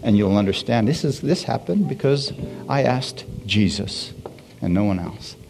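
A man preaching a sermon, animated, repeating his phrases and dropping in hallelujahs. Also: mid-range voice, moderate pace, creaky.

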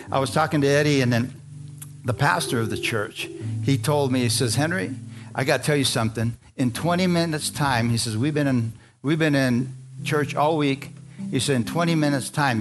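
Male preacher, sermon, chatty storytelling, asks the crowd questions, music in the background. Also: mid-range voice. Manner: conversational storytelling, calls out to congregation. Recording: music playing behind.

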